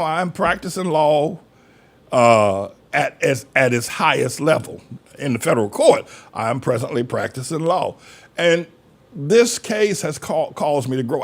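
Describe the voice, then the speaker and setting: An older man preaching a folksy sermon as pastor, from North Carolina, acting out quoted voices as he talks. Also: medium pitch.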